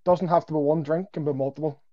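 Fast-talking Northern Irish co-host. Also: male voice, fairly high pitch, steady tone, warm tone. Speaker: podcast co-host. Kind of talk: casual podcast chat. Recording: dull lo-fi audio.

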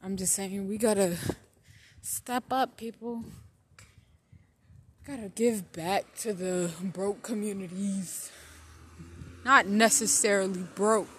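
A woman hosting a podcast, riffing in casual, slangy commentary, blunt and profane with drawn-out emphasis. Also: mid-range voice, steady tone, a little hiss or hum. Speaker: podcast host.

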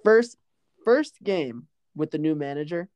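Young guy cohosting a sports podcast, animated and jokey, pitch all over the place. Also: unhurried, dry recording, dull audio. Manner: animated, joking, self-deprecating. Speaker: podcast co-host. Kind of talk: casual sports chat.

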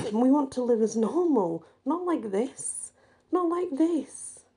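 A woman voicing a frightened young mother in a spoken story, pleading anxiously in a husky voice. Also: mid-range voice, measured pace, mellow.

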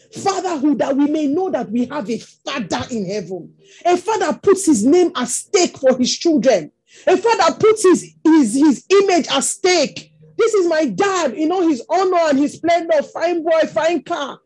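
A woman's voice: high voice, lively intonation, moderate pace, a little mellow. A Nigerian woman preaching a sermon, telling stories that rise into impassioned exclamations. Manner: storytelling, rising to impassioned exclamations.

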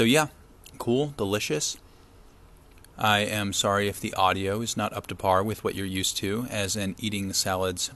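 A man vlogging while he eats, telling a story to camera in a chatty, relaxed way and acting out the people he quotes. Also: lowish voice.

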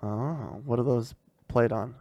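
A woman's voice: extremely low pitch, slow, dark tone, dry recording. A woman interviewing her young child in a casual, chatty, encouraging way, laughing often.

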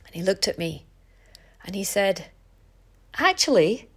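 Woman, middle-aged, podcast host, congested stuffy voice, casual reflective talk, candid and chatty, mid-range pitch. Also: moderate pace, vocal fry, breathy edge. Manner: chatty and candid, with lively upward pitch jumps.

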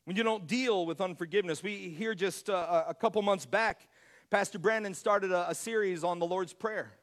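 A man preaching a sermon as pastor, emphatic, repeating his words and swinging between loud and quiet. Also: high-pitched, moderate pace.

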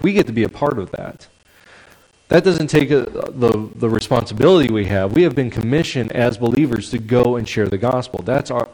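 A man preaching a sermon in a lively, conversational way, checking in with the congregation. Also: mid-range voice, poor audio. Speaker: pastor.

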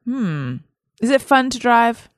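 A woman's voice: on the high side, sing-song, takes it slowly, dry recording, clean studio sound. A woman hosting a podcast, chatting in a playful, rambling way. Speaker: podcast host. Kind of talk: casual chat.

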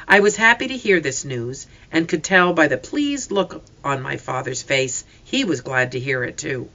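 An expressive audiobook narrator reads a first-person family story. The voice is bright and clear, with lively, wide-ranging pitch. The delivery is steady and scripted. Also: normal speed, hardly any pauses. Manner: expressive reading.

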